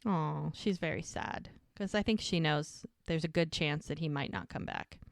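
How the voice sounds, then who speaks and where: A woman co-hosting a podcast, recapping an episode in lively casual chat and quoting the characters as she goes. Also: deep voice, normal speed, gravelly, dry recording, clean studio sound. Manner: animated storytelling, quotes the characters. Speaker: podcast co-host.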